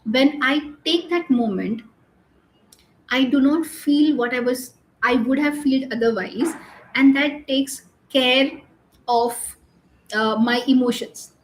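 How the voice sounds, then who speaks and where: A woman coach giving an earnest live talk on emotional regulation, explaining slowly with many restarts and pauses. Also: high voice, roomy sound, a little hiss or hum, poor audio.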